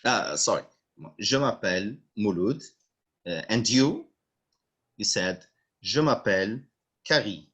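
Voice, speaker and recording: Brief Male language teacher on a video call, husky and unhurried, who patiently repeats each phrase. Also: fairly low pitch, animated, fairly bright tone. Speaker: French teacher. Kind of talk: online language lesson.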